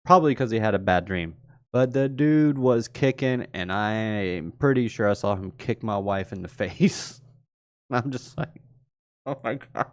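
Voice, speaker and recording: A man's voice: on the low side, expressive, unhurried, no echo, studio quality. A young man hosting a live stream, chatting casually and rambling, laughing often as he talks. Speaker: host.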